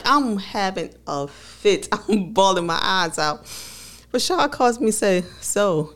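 A woman's voice: medium pitch, lively intonation, slow, a bit bright. A woman co-hosting a podcast, talking candidly and laughing often as she tells personal stories. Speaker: podcast co-host. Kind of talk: casual conversational podcast.

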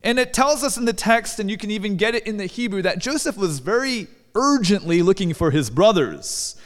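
Preaching in a church sanctuary with long hall reverb, a pastor speaks fairly quickly in an expressive, high-pitched voice. He keeps the sermon conversational, asking the congregation questions.

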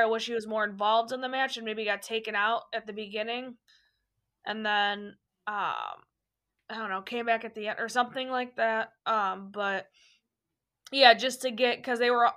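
A woman's voice: fairly high pitch, a bit bright. A woman co-hosting a casual chat, talking loosely with many fillers, her voice cracking now and then. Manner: chatty, lots of fillers and laughs. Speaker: podcast co-host.

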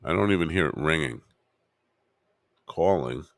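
A man's voice: rumbling low, lively intonation, measured pace, dry recording. A man hosting a podcast alone, rambling and muttering to himself with wry asides. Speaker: podcast host.

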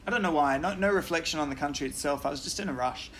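Aussie guy spinning wild travel yarns, swears a lot, laughs, slightly high voice, bit of background hiss. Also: fast. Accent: Australian. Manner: animated storytelling, swears freely, laughs often. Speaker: guest. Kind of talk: casual podcast chat.

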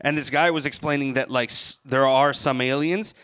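A man's voice: medium pitch, steady tone, normal speed, fairly bright tone, clean tone. A man hosting a casual comedic chat, teasing and laughing often.

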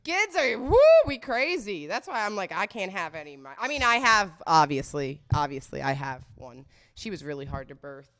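A woman's voice: deep voice, brisk, few pauses, bright, forceful tone. A woman hosting a comedy show, rambling through a casual, profane, joking monologue. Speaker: host of a comedy show about sex.

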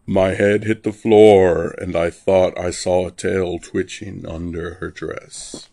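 A man narrating a dark first-person story in a wry, deadpan way. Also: low voice, slow pace, vocal fry, no echo.

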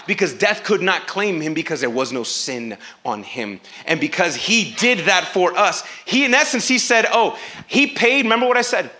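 A man preaching a sermon in a lively, casual way, acting out quoted voices and using slang. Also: high-pitched.

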